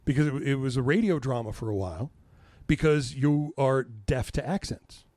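A man's voice: mid-range voice, moderate pace, darkish tone, no room sound. A man co-hosting a podcast with his wife, joking and swearing freely in casual chat. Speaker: podcast co-host.

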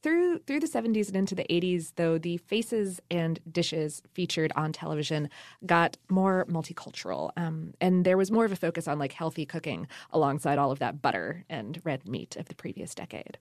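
A woman's voice: low voice, animated, normal speed, a little mellow, no room sound, studio quality. A woman co-hosting a podcast, chatting casually through food history with laughs and fillers. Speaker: podcast co-host. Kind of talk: casual conversational history chat.

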